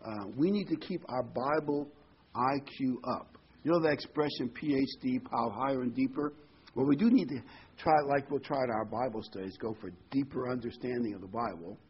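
A man's voice: medium pitch, moderate pace, slightly rough. A man preaching a conversational sermon, stressing points by repeating phrases. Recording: dull lo-fi recording.

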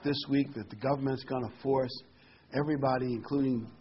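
A man's voice: mid-range voice, steady tone, a little fast. A man preaching an informal sermon, speaking in a conversational way with fillers and asides. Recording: slightly dull recording with faint hiss.

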